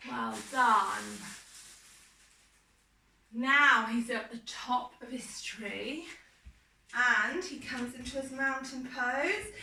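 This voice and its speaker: Bright-voiced woman guiding kids' yoga. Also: fairly high pitch, drawn-out words, vocal fry, pauses often, far from the mic, slight background noise. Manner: soft, encouraging step-by-step instructions. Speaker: children's yoga teacher. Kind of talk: guided kids' yoga class. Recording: echoey room, voice from off-mic.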